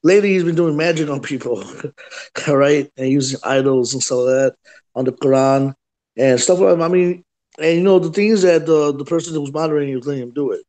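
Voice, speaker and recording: A man's voice: a little high, brisk, a little mellow. A man hosting a livestream who tells a story in casual chat, acting out quotes and saying "right?" and "bro" often. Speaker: livestream host.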